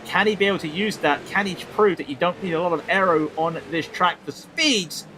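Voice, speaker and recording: A man commentating a sim racing event live, excitable and prone to ranting. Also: high voice, fairly quick, slight background noise.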